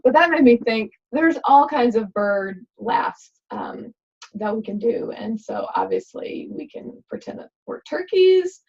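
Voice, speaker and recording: Tired, slow-talking woman leading laughter exercises. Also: a little high, lively intonation, vocal fry, slightly rough. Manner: gentle and chatty, many ums and uhs. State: tired, yawning. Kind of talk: guided laughter exercise vlog. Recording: dull lo-fi recording.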